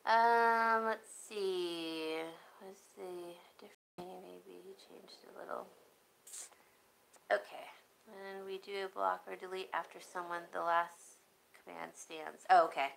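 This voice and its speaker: This woman speaks on the low side, with a steady, creaky tone. Chatting unhurriedly on a live stream, she shows jewelry and talks to herself while fiddling with her phone. The recording is rough, with a little hiss or hum.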